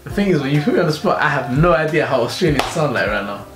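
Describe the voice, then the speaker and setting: Excitable man co-hosting a reaction video. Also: a little high, rapid-fire, echoey room, music in the background. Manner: excitable, joking banter. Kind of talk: casual chat.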